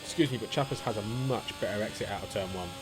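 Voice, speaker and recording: A man calling a sim race as co-commentator in brisk play-by-play. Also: on the low side, noisy background.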